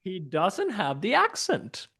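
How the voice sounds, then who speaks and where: A man's voice: high voice, wildly swooping pitch, takes it slowly, sharp tone, husky. A man chatting as a guest on a video call, teasing and laughing as he argues his point. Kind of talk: casual chat.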